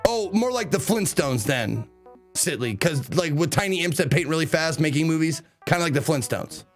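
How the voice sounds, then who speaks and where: A man streaming a game live, chatting excitably, swearing casually and reading the game's text aloud. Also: on the high side, normal speed, faint music behind. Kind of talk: live let's play commentary.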